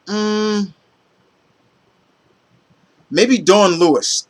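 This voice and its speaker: A man chatting casually to camera in an excited, rambling way, with many fillers and restarts. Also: mid-range voice. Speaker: vlogger. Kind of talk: casual chat.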